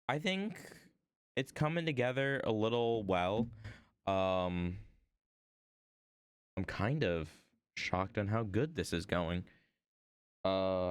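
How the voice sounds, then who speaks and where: A man's voice: lowish voice, clear, resonant tone, no echo, studio quality. A young man streaming while he works on an art piece, rambling casually and playfully as if half talking to himself. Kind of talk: casual chat while working.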